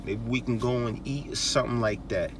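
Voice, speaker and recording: A man acts out a brash young street guy chatting someone up in loose slang, his tone dropped low and hushed. The voice sits a little back from the mic, with faint noise behind it. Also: fairly even intonation, fairly quick, distant mic, natural voice. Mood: cocky. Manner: cocky, casual street slang.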